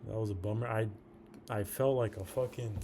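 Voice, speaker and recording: A man's voice: fairly low pitch, steady tone, fairly quick, vocal fry, very noisy. A man with a slight lisp from a retainer, rambling casually through a profane trading recap. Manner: rambling, profane, says "bro" a lot. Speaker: day trader.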